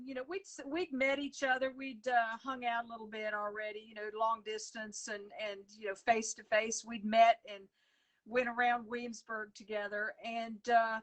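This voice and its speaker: A woman recounts stories in a loose, rambling way, full of fillers and restarts. Her voice sits a touch high and rings bright. She is on a phone video call from home. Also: little pitch movement, moderate pace. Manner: rambling storyteller with many fillers. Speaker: guest, coloring book author. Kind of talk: casual chat over video call.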